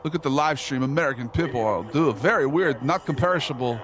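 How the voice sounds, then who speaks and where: A man's voice: medium pitch, fast, fairly bright tone. A young man streaming a video game, chatting casually with viewers in a slangy, joking way. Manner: joking, slangy, talks to chat while gaming. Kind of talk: casual live-stream chat. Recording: game music behind the voice.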